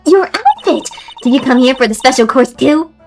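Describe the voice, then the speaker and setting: A woman voicing an excitable, shy little girl acolyte in a game read-aloud, stammering eagerly. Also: high-pitched, normal speed, faint music behind, pitched above the performer's own voice.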